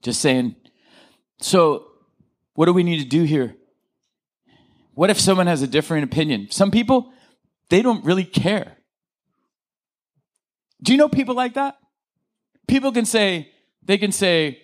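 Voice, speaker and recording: A male pastor preaching a lively sermon, joking with the congregation and asking them to answer back. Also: sits high, moderate pace, pauses often. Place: church.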